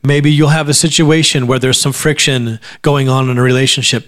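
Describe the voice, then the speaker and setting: This pastor's medium-pitched, slightly bright voice has fairly even intonation and a normal pace. Preaching a sermon at a church service, he talks conversationally, repeats words as sentences start, and slips in dry sarcastic asides.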